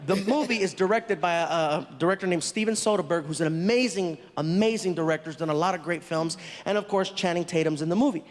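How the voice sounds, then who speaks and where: A man doing stand-up, telling a story in an animated way and acting out the characters. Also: sits high, fast talker, few pauses. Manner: animated, acts out every character. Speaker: stand-up comedian. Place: large stage in front of an audience. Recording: reverberant live venue.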